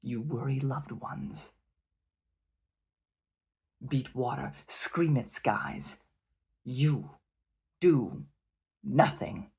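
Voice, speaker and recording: A man reading aloud and voicing a proud, scornful barbarian warrior king who booms and sneers. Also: drawn-out words, creaky, pauses often, darkish tone, husky, exaggerated voice. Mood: sneering. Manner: booming, sneering, emphatic. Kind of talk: dramatic reading of a novel.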